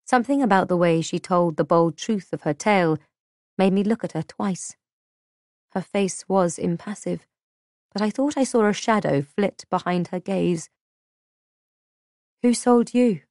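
A woman narrating a first-person audiobook in a measured, reflective way. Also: lowish voice, darkish tone, no echo, clean studio sound.

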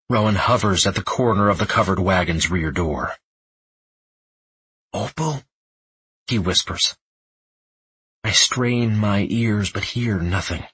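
A man narrating a fantasy audiobook in the first person, tense and measured. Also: fairly low pitch, pushed and bright, husky, no echo, rough recording.

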